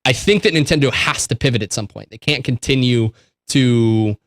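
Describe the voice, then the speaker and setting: A man's voice: mid-range voice, moderate pace, a bit bright, no room sound, clean studio sound. A man co-hosting a late-night call-in show, talking casually and rambling, often repeating words as he hunts for his point. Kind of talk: casual chat.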